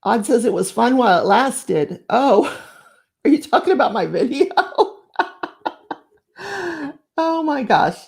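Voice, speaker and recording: A woman's voice: a little high, big pitch swings, takes it slowly, creaky, long pauses, a little mellow, husky. A middle-aged woman hosting a live crafting stream from home, chatting casually, rambling and laughing as she reads out viewer comments.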